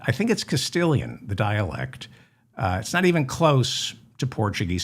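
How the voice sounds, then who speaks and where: A man hosting a satirical news monologue, deadpan and mock-serious, breaking into indignant outbursts. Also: on the low side, moderate pace. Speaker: comedy news host.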